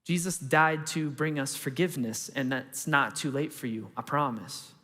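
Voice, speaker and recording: A man's voice: mid-range voice, normal speed, pushed and bright, in a large hall. A man preaching a sermon as pastor, earnest and conversational, in a large church auditorium.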